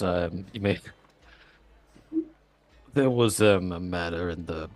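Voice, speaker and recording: A man playing his character in a tabletop game, hesitant with soft laughs and ums. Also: low-pitched, slow pace, pauses often, soft background music. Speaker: player. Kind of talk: in-character role-play.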